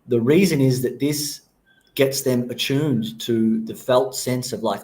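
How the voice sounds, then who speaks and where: A man explaining his approach calmly and thoughtfully as a guest on a podcast interview. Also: medium pitch, unhurried.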